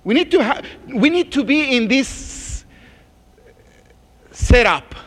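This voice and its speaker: A man preaching as a pastor, reading scripture slowly and dropping to a hushed groan in prayer. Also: very high-pitched, lively intonation, big-room sound. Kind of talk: sermon.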